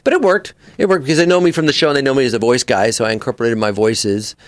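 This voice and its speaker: Comedian and voice actor, male, lively storyteller who jumps into character voices, close dry mic. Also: mid-range voice, very fast, no room sound. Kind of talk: casual interview chat.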